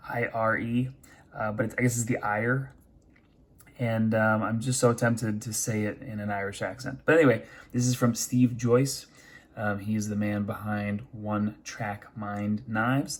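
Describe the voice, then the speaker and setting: A young man talks through a product review in a loose, chatty way. He fills pauses with ums and uhs and trips over his own words as he goes. His voice sits at a middling pitch. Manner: chatty, with many fillers and self-corrections. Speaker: knife reviewer.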